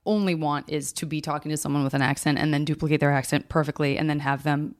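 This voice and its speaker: Woman, General American accent, podcast host, casual rambling chat, lowish pitch. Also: fairly even intonation, fast. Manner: chatty, rambling, self-deprecating.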